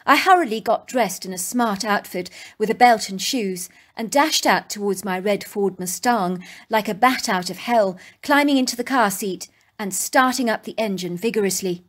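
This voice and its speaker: A woman's voice: mid-range voice, normal speed, hardly any pauses. A woman narrating a dramatic first-person story in a vivid, emphatic way.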